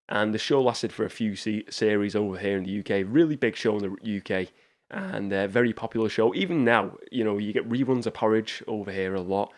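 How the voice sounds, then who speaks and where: A man chatting casually about movies as a channel host, in a rambling, talkative way. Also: lowish voice. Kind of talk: casual movie review talk.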